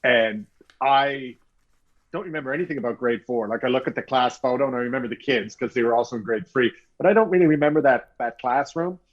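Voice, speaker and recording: A middle-aged man from Canada, a guest author being interviewed, telling stories with animated quoted voices. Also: medium pitch, fast talker, lo-fi sound. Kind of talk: storytelling interview talk.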